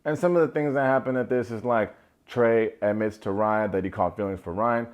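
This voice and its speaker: A man with a lowish voice giving a casual commentary recap of a reality show. He talks with sarcastic, slangy energy and swings from flat muttered remarks to sudden high-pitched exclamations. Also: fairly quick. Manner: animated and sarcastic, slangy asides.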